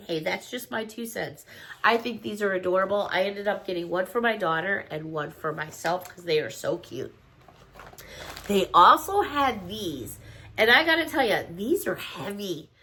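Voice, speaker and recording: Bright-voiced woman gushing over a haul. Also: fairly high pitch. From Chicago. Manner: gushing, chatty, enthusiastic. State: sick, coughing. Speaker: haul vlogger. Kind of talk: casual shopping haul vlog.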